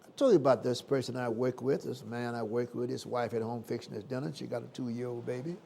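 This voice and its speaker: A man preaching a sermon in a folksy, dramatic way, moving from shouts to hushed tones. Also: mid-range voice, steady tone, fairly quick, creaky, a little hiss or hum. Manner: folksy, colloquial.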